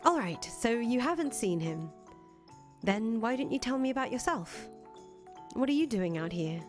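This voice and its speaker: A woman's voice: on the high side, sing-song, moderate pace, faint music behind. A woman voicing a flustered, friendly young traveler. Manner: chatty, easily flustered, stammers when nervous. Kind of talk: fan voice acting of a visual novel.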